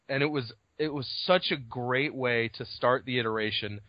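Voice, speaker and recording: A man's voice: medium pitch, brisk, hardly any pauses, dry recording. Swearing, laughing podcast co-host man. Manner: animated, swears freely, laughs often. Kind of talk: casual book discussion podcast. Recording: dull lo-fi dry recording.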